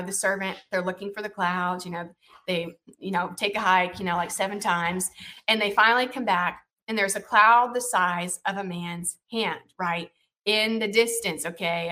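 A woman with a medium-pitched voice teaches from the Bible, retelling the story with lively emphasis. Her animated, chatty delivery is full of "you know" and "like," and she checks in with "right?" and "okay?".

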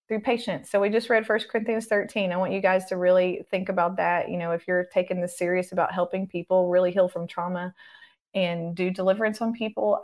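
Calm, low-voiced woman teaching earnestly. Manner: calm, earnest, instructive, acts out prayers. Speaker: guest minister on deliverance. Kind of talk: conversational teaching interview.

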